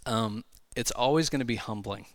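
A man preaching a sermon in a church, talking conversationally with frequent asides and quick restarts. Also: medium pitch. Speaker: pastor. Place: church sanctuary.

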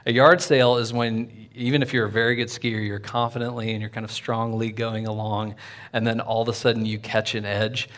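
A man preaching a sermon in a casual, conversational way, full of fillers and "right?", swinging from loud and lively to quiet. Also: on the low side, brisk. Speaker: pastor.

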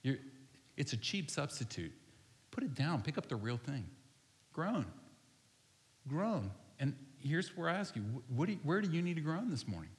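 A man's voice: on the high side, big pitch swings, brisk. A man pastor delivering a conversational, folksy sermon and prayer in a church sanctuary. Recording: long hall reverb.

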